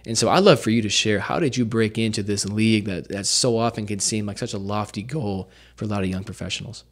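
A man's voice: lowish voice, fast. Encouraging man podcast host. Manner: encouraging, affirming, calls guest brother. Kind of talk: casual interview.

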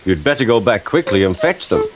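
A man voicing a brisk male railway signalman with a questioning, matter-of-fact manner. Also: fairly low pitch, big pitch swings. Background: background music.

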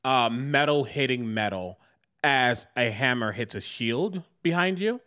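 A man's voice: mid-range voice, lively intonation, measured pace, pushed and bright. A man running a tabletop game as game master, narrating casually with many fillers.

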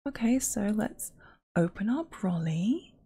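A young woman giving crude, excitable running commentary while she plays a life-simulation game. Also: medium pitch, slow pace, slightly rough. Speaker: gaming streamer. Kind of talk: casual let's-play commentary.

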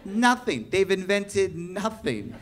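Taking his time, a young comedian rants in faux outrage to a live crowd in a high, sing-song voice. The background is noisy, and audience laughter rings out across the venue.

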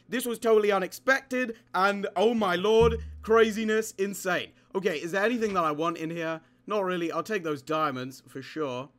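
A young man giving excitable live commentary on his game, often laughing and shouting during fights, with keyboard typing behind him. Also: a little high, normal speed. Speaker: gaming YouTuber.

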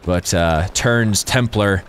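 Excitable gamer man. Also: sits low, takes it slowly, slight background noise. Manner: excitable, rambling, laughs often. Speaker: gaming YouTuber. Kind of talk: casual let's-play commentary.

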